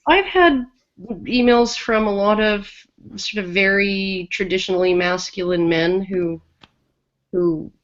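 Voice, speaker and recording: A woman's voice: mid-range voice, slow, lo-fi sound. A woman co-hosting a casual podcast chat, talking loosely with many restarts and fillers. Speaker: podcast co-host.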